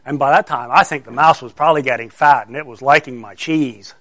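A man's voice: medium pitch, fairly quick, sharp tone, no echo. A middle-aged man, a pastor telling a story to children and asking them questions as he goes. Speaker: pastor giving a children's sermon.

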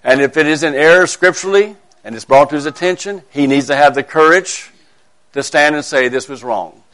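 A man's voice: on the high side, fairly bright tone, clear, resonant tone. Earnest minister man speaking to a congregation. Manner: earnest, measured, with emphatic rises. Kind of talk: conversational sermon talk. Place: church service.

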